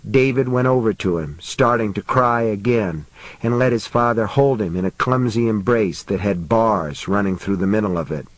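A man narrating an audiobook in a steady, measured reading voice. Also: fairly low pitch, no echo, rough recording.

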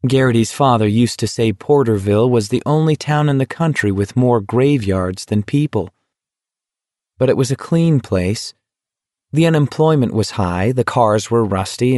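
A man reading an audiobook in a steady, measured way. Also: medium pitch, no room sound, clean studio sound. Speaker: audiobook narrator. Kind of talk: audiobook narration.

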